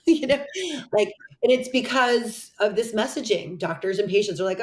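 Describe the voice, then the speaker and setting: A woman doctor speaking as a podcast guest, animated and emphatic with quick asides. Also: lowish voice. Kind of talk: podcast interview.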